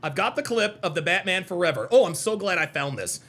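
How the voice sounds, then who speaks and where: A man hosting a reaction video, talking in an animated, mocking and profane way and repeating himself for emphasis. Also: high-pitched, a little fast. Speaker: host reacting to clips. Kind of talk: reaction commentary.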